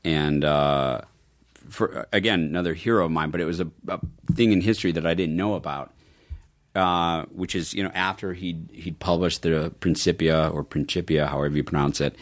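A man guest in a casual interview, telling stories in a lively way and voicing quotes in a higher tone. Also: normal speed. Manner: animated storyteller, acts out quotes in a higher voice. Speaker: film producer guest.

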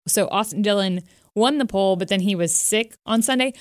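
A woman's voice: mid-range voice, fairly quick, no room sound, studio quality. A woman co-hosting a podcast, chatting casually and asking the questions. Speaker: podcast co-host. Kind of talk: casual chat.

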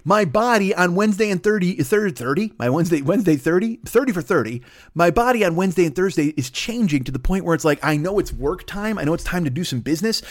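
Fast-talking profane man ranting solo. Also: high voice, animated. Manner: profane, rambling, self-deprecating. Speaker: podcast host. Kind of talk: solo comedy podcast rant. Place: at his desk at home.

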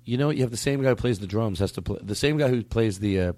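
A man's voice: fairly low pitch, fast, mellow, dry recording. Rambling male podcast host, dry close sound. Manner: laughing, rambling, repeats commands. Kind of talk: casual podcast chat.

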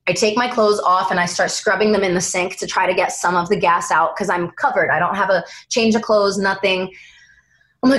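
Young actress guest chatting away, lively storyteller, does little voices for people. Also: female voice, mid-range voice, brisk, poor audio. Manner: animated storyteller, acts out quoted voices. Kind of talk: casual interview chat.

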